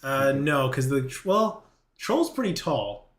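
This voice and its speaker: A game master running a tabletop game, calling turns and making rulings in a relaxed way. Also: mid-range voice, takes it slowly, echoey room.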